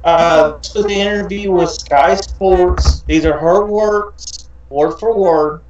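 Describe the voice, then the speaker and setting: A man's voice: high-pitched, slow, a little mellow. Man, podcast co-host, hesitant, filler-heavy, roomy, distant, dull audio. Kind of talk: casual wrestling chat.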